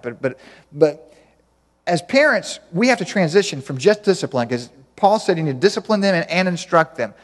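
A man preaching a sermon on parenting in a folksy, rambling way, often mimicking other people's voices for humor. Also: fairly high pitch. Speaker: pastor. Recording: long hall reverb.

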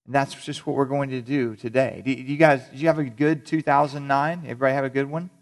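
A man's voice: mid-range voice, fairly even intonation, fast talker. A man preaching a sermon to a congregation. He talks conversationally, often stops to ask the people questions, and restarts or repeats words as he goes. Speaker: pastor. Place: church service before a congregation.

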